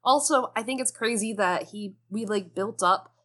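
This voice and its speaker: A woman co-hosting a casual book discussion podcast, animated and sarcastic, swearing freely. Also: mid-range voice, moderate pace. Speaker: podcast co-host.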